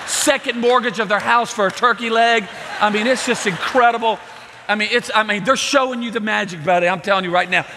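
A middle-aged man preaching a sermon, telling a story with lively acted-out voices. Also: high-pitched, a little hiss or hum. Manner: animated storytelling, acting out voices. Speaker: pastor. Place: church sanctuary. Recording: reverberant church hall.

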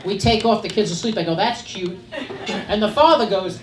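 A man's voice: high voice, moderate pace. A middle-aged man performing a stand-up comedy set on a club stage, telling stories in a dry, conversational way with asides to the audience. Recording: roomy live club recording from a distance, loud crowd and noise. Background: loud audience laughter.

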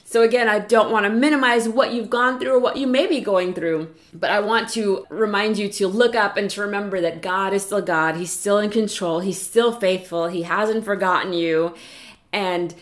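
A woman preaching a chapel message, earnest and encouraging, slowing down to read scripture aloud. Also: mid-range voice, steady tone. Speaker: chapel speaker. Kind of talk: sermon.

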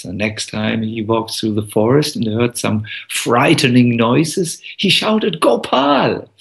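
A man giving a devotional talk as a monk, telling a story in an unhurried, gentle way with many pauses. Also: lowish voice, creaky.

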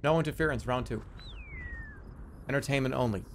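A man casually commentating his own game live, excitable and joking, swearing freely. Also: medium pitch, brisk, a little hiss or hum. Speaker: streamer playing a strategy game.

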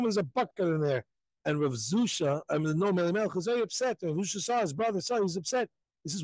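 Fast, lively storytelling man. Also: high-pitched, dry recording, rough recording. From Jerusalem. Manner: animated, acts out voices in stories. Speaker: rabbi storyteller. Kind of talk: live outdoor storytelling.

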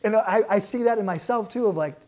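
A pastor in his thirties answering interview questions candidly, acting out past conversations with animated storytelling. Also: high-pitched, quick pace. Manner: animated storytelling, acts out dialogue.

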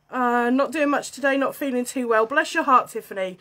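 High-pitched British woman, bubbly and excitable, chatty livestream host. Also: brisk. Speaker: livestream host selling beauty and wellness kits. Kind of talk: casual livestream chat. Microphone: phone.

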